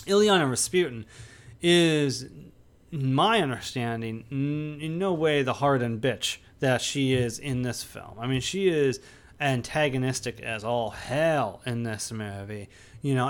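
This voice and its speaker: A man with a smooth, resonant voice talks through a film review in a loose, rambling way. He circles back on himself often and leans on fillers as he goes, all in a middle pitch. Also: measured pace. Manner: rambling, many restarts and fillers. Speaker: podcast co-host. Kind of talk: casual movie review chat.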